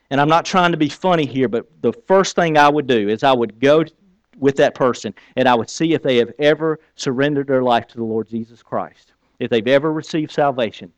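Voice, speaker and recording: A male pastor preaching a sermon in a conversational style, dropping to a hush and then rising to animated, storytelling bursts. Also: on the high side, brisk, no echo.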